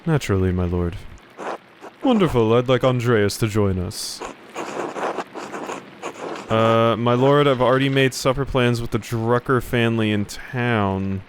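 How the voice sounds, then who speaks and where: A young man playing a game, reading its dialogue aloud and adding sarcastic commentary with sudden loud outbursts. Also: medium pitch, unhurried, long pauses, noisy background. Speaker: let's play commentator.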